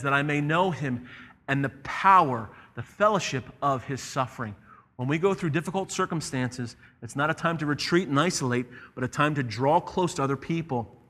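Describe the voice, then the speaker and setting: A man's voice: medium pitch, a bit bright, in a large hall. A man pastor giving an earnest sermon, telling a story and repeating key phrases.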